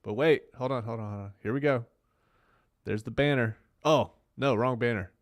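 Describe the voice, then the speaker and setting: A man's voice: medium pitch, moderate pace, no room sound, studio quality. A man hosting a casual crypto livestream, talking bluntly in street slang and repeating phrases for emphasis.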